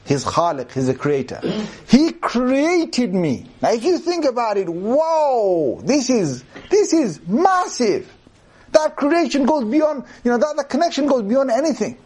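A man preaches to a gathered audience in a fairly high voice. He talks in an animated, joking way and throws questions at the listeners. Now and then he recites verses in Arabic. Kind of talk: sermon to a live audience.

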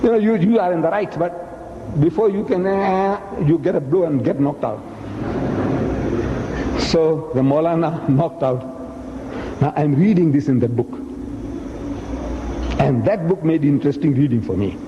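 A man giving a lecture, telling a story with lively acted-out dialogue. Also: fairly high pitch, measured pace, pauses often, roomy sound, in a large hall, muffled recording, noisy background. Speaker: speaker.

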